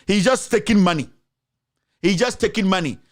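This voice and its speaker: A man's voice: high-pitched, expressive, normal speed. A man with a Ghanaian accent delivering a heated political rant, repeating his accusations with emphasis. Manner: mixes in another language. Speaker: commentator.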